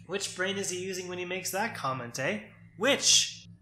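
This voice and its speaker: A man co-hosting a casual chat over a card game, explaining things at length with nerdy excitement. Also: high voice, a little fast, echoey room, slight background noise, poor audio. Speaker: podcast co-host.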